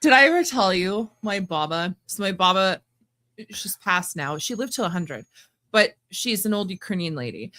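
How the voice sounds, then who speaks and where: A woman's voice: mid-range voice, very animated, normal speed, bright, forceful tone. A woman co-hosting a podcast, teasing and laughing through casual banter. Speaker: podcast co-host.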